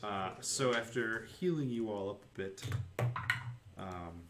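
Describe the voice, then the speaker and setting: A man running a tabletop game as game master, narrating slowly with many pauses and fillers. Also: fairly low pitch, animated, heavy background noise.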